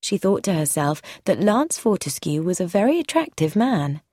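Measured woman reading a story aloud. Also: on the low side, sing-song, darkish tone, dry recording, clean studio sound. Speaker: narrator. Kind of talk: read-aloud story narration.

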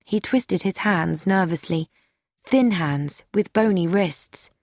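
Expressive woman narrating an audiobook. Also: fairly low pitch, no room sound, clean studio sound. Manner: measured storytelling. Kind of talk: scripted narration.

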